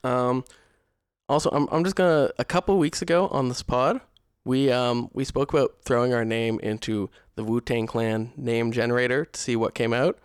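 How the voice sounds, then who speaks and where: A young man co-hosting a casual podcast, talking in a smooth, resonant voice that sits in a middle register. He rambles easily, full of fillers and restarts. The sound is close and dry. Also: medium pitch, fairly even intonation, moderate pace, dry recording. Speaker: podcast co-host. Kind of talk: casual chat.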